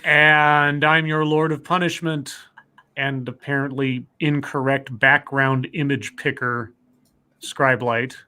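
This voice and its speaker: Greeting his listeners, this podcast host chats in an upbeat, animated way on a casual online talk show. He speaks slowly, with a medium-pitched voice and a clean tone.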